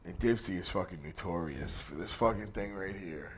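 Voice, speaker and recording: A low-pitched middle-aged man, a professional wrestler, talks at normal speed over a slight hiss or hum. As an interview guest he spins a crude story from the road, swearing all the way and laughing through it.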